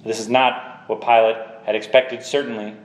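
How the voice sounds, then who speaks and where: A man's voice: mid-range voice, level tone, moderate pace, echoey room, a little hiss or hum. A man preaching a sermon, pressing his point with repeated rhetorical questions.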